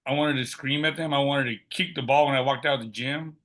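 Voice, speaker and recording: Brief: middle-aged man, guest storyteller, bright and forceful tone, acts out what others said. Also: mid-range voice, quick pace. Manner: lively, acts out quoted dialogue. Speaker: podcast guest. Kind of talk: personal storytelling.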